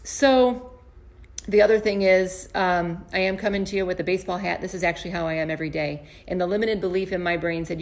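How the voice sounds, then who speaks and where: A woman's voice: fairly low pitch, fairly even intonation, fairly quick. A woman, an empowerment coach and comedian, giving a motivational talk to camera from her home basement, earnest and storytelling, often restarting and repeating words. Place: home basement performance space.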